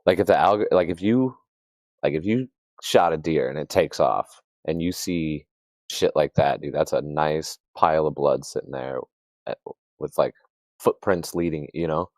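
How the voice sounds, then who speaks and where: A man's voice: a bass voice, moderate pace, darkish tone, no echo. A man talking trading charts in a loose, rambling casual chat. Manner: rambling, loose, uses hunting analogies. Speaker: trader.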